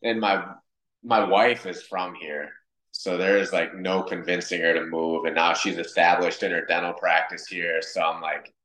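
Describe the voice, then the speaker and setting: A man's voice: deep voice, normal speed. A man from Wisconsin, a podcast guest, telling casual stories and acting out the quoted dialogue. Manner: animated, acts out quoted dialogue. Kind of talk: casual storytelling in conversation. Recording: roomy echo.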